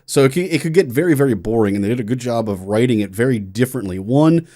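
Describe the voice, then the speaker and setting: A man's voice: medium pitch, animated, fast talker, dark tone. A man, a music teacher, giving an enthusiastic casual reaction and music analysis, explaining theory in plain terms with frequent restarts.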